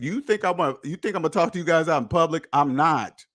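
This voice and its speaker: Preachy, emphatic man, fairly high voice. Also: fast, hardly any pauses. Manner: emphatic, preachy, repetitive, with profanity; swings between loud jabs and low muttered asides. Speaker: podcast host. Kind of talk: personal finance monologue.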